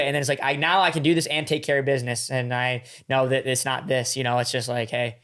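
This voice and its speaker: A man's voice: medium pitch, level tone, brisk, hardly any pauses, fairly bright tone. A young man in his twenties, a wrestler guest in a casual interview, rambling and filling his talk with "like" and "you know".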